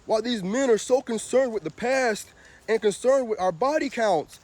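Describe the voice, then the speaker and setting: A man putting on a high, squeaky mocking imitation of a whiny, indignant woman. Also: normal speed, a little mellow. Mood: mocking whine.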